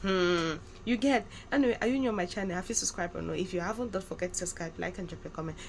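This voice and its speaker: A woman's voice: on the low side, fast, creaky, slight background noise, low-quality recording. A woman hosting her own channel, chatting casually and acting out slang phrases playfully. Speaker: channel host. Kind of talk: casual vlog commentary.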